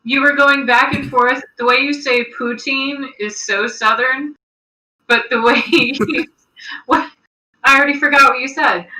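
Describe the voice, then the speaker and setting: A woman's voice: high-pitched, fairly even intonation, unhurried, bright, forceful tone. A woman chatting casually and giggling, apologizing when she fumbles a joke. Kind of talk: casual podcast chat. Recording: echoey room.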